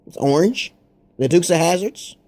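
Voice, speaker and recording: A man's voice: fairly high pitch, expressive, moderate pace, a little mellow. A man rambling through a profane, confrontational monologue to his viewers, with frequent "okay?" asides. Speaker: online commentator.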